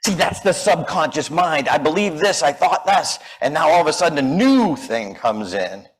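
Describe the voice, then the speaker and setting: Animated man telling stories. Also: fairly high pitch, normal speed, breathy edge, rough recording. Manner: animated, acts out quoted voices. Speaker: public speaking coach. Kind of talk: storytelling keynote talk.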